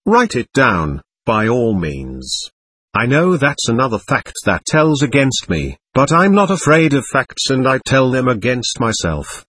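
A man reading an agitated, proud young man who pleads and protests with passion. The voice is husky and swings widely in pitch, heard close and dry as in an audiobook. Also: huge pitch swings, unhurried, a bit bright, dry recording, heavily acted. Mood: anguished. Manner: impassioned, pleading, emphatic.

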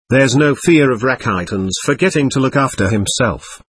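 A man narrates a classic novel with a wide, lively rise and fall in his voice. His tone is a little husky, and it sounds close and dry with no room around it. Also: mid-range voice, no echo. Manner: expressive, measured storytelling. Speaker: audiobook narrator. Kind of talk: scripted narration.

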